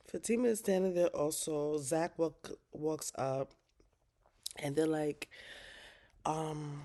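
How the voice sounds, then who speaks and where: A woman with a low, mellow voice runs through a TV episode recap. Her talk is loose and slangy, with frank swearing dropped in casually. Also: takes it slowly. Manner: slangy, candid, swears freely. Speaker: TV recap vlogger.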